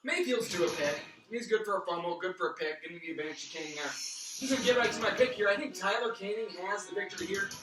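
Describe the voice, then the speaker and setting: A man's voice: sits high, lively intonation, fast talker. A man talks at speed through a mock sports-analyst preview, rambling off into pun tangents. His voice sounds a little worn, as if he is losing it. He is heard from some distance in a roomy space, with music playing behind him. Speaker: fantasy football league host.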